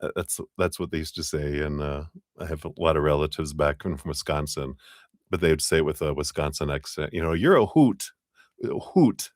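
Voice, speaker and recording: A man's voice: rumbling low, level tone, fairly quick, no echo, clean studio sound. A man hosting a live tarot stream, chatting casually and upbeat as he thanks viewers one by one, laughing often.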